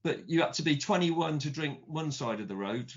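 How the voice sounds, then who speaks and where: A man's voice: fairly high pitch, expressive, moderate pace, breathy edge. A middle-aged man with a British accent, winding through stories in easygoing conversation, stumbling over repeated words. The recording is dull and lo-fi, with a muffled top end. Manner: rambling, repeats words, mild swearing. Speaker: guest. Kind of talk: casual anecdote telling.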